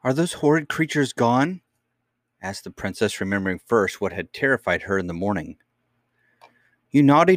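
Deep-voiced man narrating a storybook. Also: a bit bright, no echo, studio quality. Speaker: audiobook narrator. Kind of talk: scripted narration.

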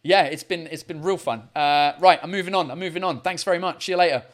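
An upbeat man with a high voice hosts a live video call show, chatting casually with callers at a quick pace. He's chatty, stumbles and repeats words, and he's heard through a computer mic on the call.

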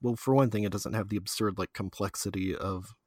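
A man's voice: lowish voice, fairly even intonation, fairly quick, a little mellow, dry recording, clean studio sound. A man chatting casually about a video game, rambling with lots of fillers and frequent laughs. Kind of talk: casual chat.

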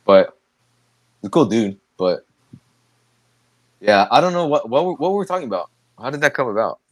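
A man's voice: mid-range voice, big pitch swings, normal speed, dry recording. A young man hosting a podcast, chatting casually, rambling with restarts and laughing often. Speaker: podcast host. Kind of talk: casual chat.

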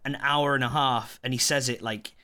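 A man's voice: medium pitch, steady tone, normal speed, bright, forceful tone, smooth. A man co-hosting a casual film review chat, blunt and swearing freely. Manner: blunt, swearing, laughing asides. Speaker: podcast co-host.

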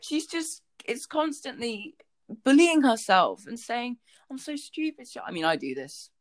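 A woman's voice: a little high, sing-song, unhurried, dry recording. A woman co-hosting a book podcast, chatting casually and rambling with lots of fillers. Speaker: podcast co-host.

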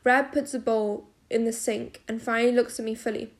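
A woman narrating a first-person novel as an audiobook, in a steady storytelling manner. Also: a little high, normal speed.

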